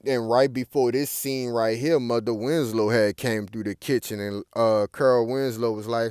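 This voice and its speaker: Male reviewer, mid pitch, animated and foul-mouthed, dry close sound. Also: normal speed, hardly any pauses, clean tone, dry recording. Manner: animated, swears constantly, addresses listeners directly. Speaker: show reviewer. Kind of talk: casual profane commentary.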